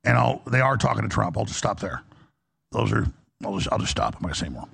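Gravelly, husky male talk radio host. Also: lowish voice, sing-song, quick pace, a bit bright. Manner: rambling, emphatic, mocking quoted voices.

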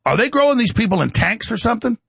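A man hosting a show, ranting rapidly through political commentary and breaking into mocking impressions. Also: very high voice, big pitch swings, creaky, a bit bright, husky, no echo. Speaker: host.

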